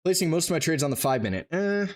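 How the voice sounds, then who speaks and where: A man teaching trading live, walking through charts and rapidly acting out a confused trader's thoughts. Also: fairly high pitch, sing-song. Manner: rapid, emphatic explaining with mock inner voices. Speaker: trading educator. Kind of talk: live stream chart walkthrough.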